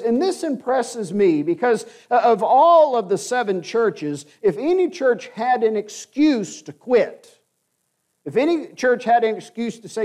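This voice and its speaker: A man preaching a sermon, earnest and emphatic, slowing down to stress key phrases. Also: high voice, sing-song, a little mellow.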